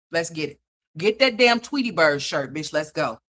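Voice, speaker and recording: A brash woman rants on a livestream, swearing freely and scolding the people she talks about. Her voice is bright and sharp and swings between loud bursts and low mutters. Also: lively intonation, normal speed. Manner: profane, brash, scolding, heavy slang. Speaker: commentary livestream host. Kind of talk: ranting commentary.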